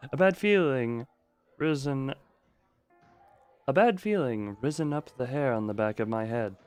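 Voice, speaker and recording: Guy streamer reading a visual novel out loud, smooth clear voice, cracks jokes in between, little bit of music behind. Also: mid-range voice, measured pace. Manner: reads game text aloud, breaking off for joking asides.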